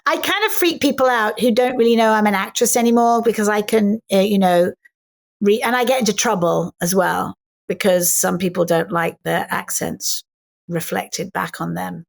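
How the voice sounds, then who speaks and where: A middle-aged English actress chatting playfully in an interview, animated and fond of slipping into mimicry. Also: female voice, medium pitch, normal speed, creaky. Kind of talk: casual interview chat.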